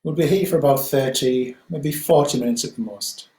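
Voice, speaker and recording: A man who teaches mindfulness, leading a guided meditation talk slowly and gently, with frequent ums. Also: mid-range voice, reverberant, rough recording.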